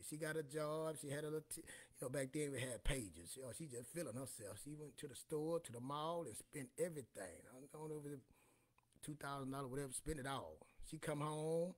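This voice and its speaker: Husky-voiced man telling life stories. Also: on the high side, brisk. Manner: rambling, repeats "you know what I'm saying". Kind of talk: casual storytelling monologue.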